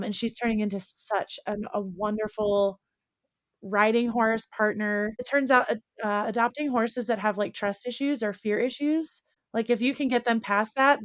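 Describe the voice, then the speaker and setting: A woman's voice: mid-range voice, no room sound, studio quality. Chatty young woman telling a long story. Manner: animated, rambling storytelling full of "like". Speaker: podcast guest or co-host. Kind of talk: casual storytelling chat.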